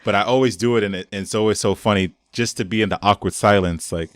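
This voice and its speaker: A man's voice: lowish voice, quick pace, no room sound, studio quality. A man as a podcast guest, telling stories in casual conversation, acting out quotes and laughing often. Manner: animated storyteller, acts out quotes, laughs often.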